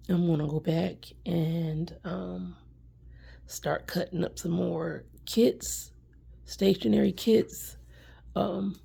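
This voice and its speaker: Low husky woman close to tears. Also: mellow. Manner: earnest, repeating herself for encouragement. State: near tears. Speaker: small business owner. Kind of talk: emotional live stream talk.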